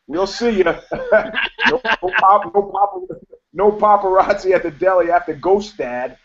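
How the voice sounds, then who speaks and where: A man's voice: high-pitched, huge pitch swings, unhurried, a bit bright. A man co-hosting a casual talk show, telling profane stories and laughing often. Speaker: podcast co-host. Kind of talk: casual chat. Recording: dull lo-fi sound.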